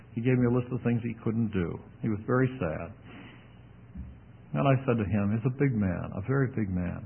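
A man's voice: fairly low pitch, brisk, vocal fry, breathy edge. A man preaching a sermon in a folksy, emphatic way, with wry asides. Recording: tinny narrow-band radio broadcast.

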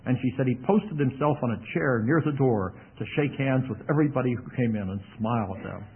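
A man's voice: mid-range voice, a little fast, a little hiss or hum. A man preaching a sermon in a folksy, emphatic way, with wry asides. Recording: tinny narrow-band radio broadcast.

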